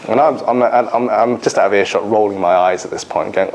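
Lowish man telling a lecture story. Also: fairly quick, hardly any pauses, a little mellow, slight background noise, poor audio. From England. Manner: storytelling with many fillers and restarts. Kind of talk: anecdotal lecture.

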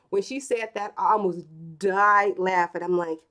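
A woman in her thirties chats her way through a live stream. She tells family stories and acts out the quotes. Her voice sits at an everyday middle pitch. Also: moderate pace, few pauses, fairly bright tone. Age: 30s. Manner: chatty, storytelling with acted quotes. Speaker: live-stream host reading chat. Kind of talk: casual live-stream chat.

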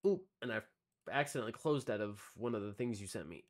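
A man's voice: on the low side, quick pace. A man co-hosting a casual podcast, rambling through release dates and snack news with lots of fillers. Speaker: podcast co-host. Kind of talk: casual chat.

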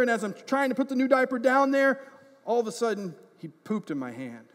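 A brisk, high-pitched male pastor, himself an adult parent, preaches a sermon full of personal stories in a chatty, conversational way. He keeps checking in with "right?" and "okay?", teases himself, and grows animated in funny moments. The recording comes from a church sanctuary with church hall reverb.

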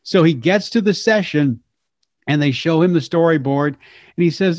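Animated older man telling stories. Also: fairly high pitch, normal speed, dry recording. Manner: lively, slips into character voices. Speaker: voice actor and impressionist guest. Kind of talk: animated storytelling interview. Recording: dull lo-fi sound, dry.

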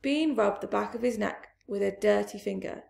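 A woman reading a children's storybook aloud, slowly and expressively, dropping into hushed asides. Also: medium pitch, gravelly. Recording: roomy echoey room.

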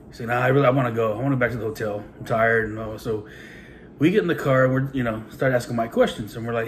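Casual male storyteller, mid pitch, profane and laughing, faint background hum. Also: quick pace. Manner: profane, laughing, acts out quotes. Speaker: wrestling trainer and podcast host.

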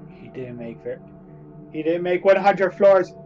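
Male let's-player, high and animated voice, jumpy with loud swearing, muffled lo-fi sound with music behind. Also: a little slow. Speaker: gamer playing a horror game. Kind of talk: let's play commentary.

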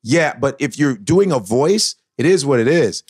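A man's voice: medium pitch, expressive, moderate pace, a little mellow, breathy edge, dry recording, clean studio sound. A man talking casually as a comedian guest on a podcast, swearing and slipping into voices and impressions.

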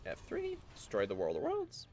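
A man gives casual, sarcastic running commentary on a game he is playing. His voice sits a little high and swings wildly up and down, often jumping into silly squeaky exclamations. He swears freely and jokes about everything going wrong. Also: wildly swooping pitch, normal speed, a little mellow. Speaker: game streamer.

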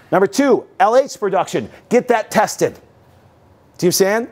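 A middle-aged man lectures an audience about health with a preacher's insistence. His voice sits a little high, and he keeps asking whether his listeners see what he means. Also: expressive, moderate pace, a little mellow. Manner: emphatic, preachy, asks the audience rhetorical questions. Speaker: host. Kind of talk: animated health talk to an audience.

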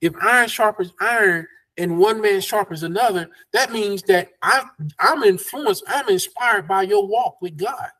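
A man's voice: high voice, normal speed, pushed and bright. A man, a pastor teaching a Bible study over a video call in a folksy, preacherly way. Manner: preacherly, folksy, laughs between points.

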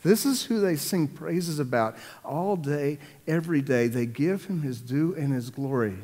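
A man preaching a sermon, repeating words for emphasis and swinging between loud, raised lines and hushed ones. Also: on the high side, animated, measured pace, big-room sound. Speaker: pastor.

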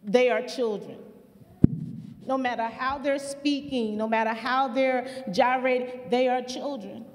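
A woman's voice: a little high, fairly even intonation, unhurried, noisy background. A woman who leads a community center, giving impassioned public remarks with earnest, repetitive emphasis. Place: museum auditorium. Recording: long hall reverb.

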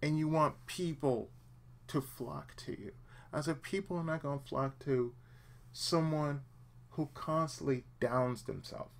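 A man's voice: on the high side, unhurried, vocal fry. Earnest man giving let's play advice. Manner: earnest, emphatic, repetitive. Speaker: let's play host, aspiring voice actor. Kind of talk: casual advice talk.

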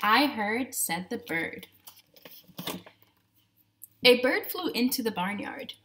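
A woman teacher reading a picture book aloud to her class from home, animated and talking to the children as friends. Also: a little high, takes it slowly, a little hiss or hum.

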